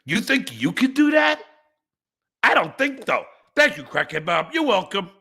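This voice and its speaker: Gravelly, animated man ranting as a podcast host. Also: high-pitched, unhurried. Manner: angry, profane, bursts into shouting; reads viewer chats aloud with mocking replies. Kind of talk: livestream rant at chat commenters.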